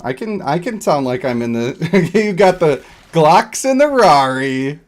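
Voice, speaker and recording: A man's voice: a little high, sing-song, measured pace. A man streaming a video game, chatting casually in a rambling, joking, self-deprecating way. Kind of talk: casual live-stream chat over gameplay.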